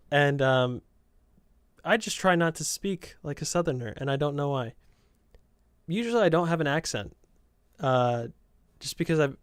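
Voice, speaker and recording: A young man with a light Southern accent rambles through a casual podcast, circling back and correcting himself as he goes. His voice sits a little high. The sound is dry and close, with no room echo. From Southern United States. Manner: chatty, meandering, self-correcting. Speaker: podcast host.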